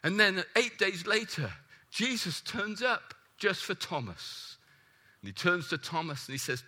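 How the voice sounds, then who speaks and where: A man preaching a sermon, emphatic and animated, putting questions to the congregation. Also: high voice, moderate pace.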